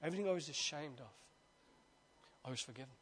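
A man in his forties preaching a sermon with passion, swinging between loud appeals and hushed, intimate stretches, with repeated rhetorical questions. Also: a little high, fast talker. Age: 40s.

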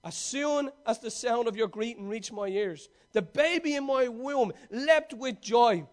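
A man preaching a sermon, reading scripture aloud and then retelling it with swings between loud emphasis and quiet asides. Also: very high voice, a little slow.

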